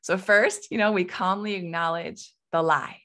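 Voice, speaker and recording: Her pitch is fairly low and her tone steady yet sharp, delivered at a normal pace. She's a woman in her thirties on a solo parenting podcast, coaching listeners conversationally with lots of "right?" tags.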